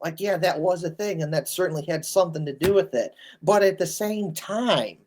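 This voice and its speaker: A man's voice: high-pitched, moderate pace, a little mellow. A man in his thirties ranting bluntly in an exasperated, scolding commentary. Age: 30s. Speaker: sports commentator.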